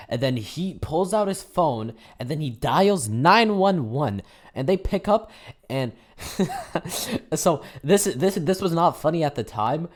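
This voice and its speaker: A teenage boy telling a story in a casual, swearing way, laughing as he goes. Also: medium pitch. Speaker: gaming youtuber. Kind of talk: storytime narration over gameplay.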